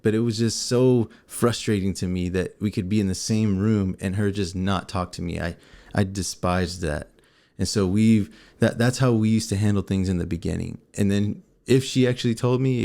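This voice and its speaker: A man with a slightly low voice co-hosts a relaxed talk show. He tells a personal story straight to the viewers and acts out every scene as he goes. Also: creaky. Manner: animated, acts out scenes and quotes. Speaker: co-host.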